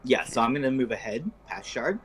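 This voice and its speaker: A man running an online tabletop game as game master, with a scratchy throat, halting and uneven in speed and volume. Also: mid-range voice, expressive, a bit bright.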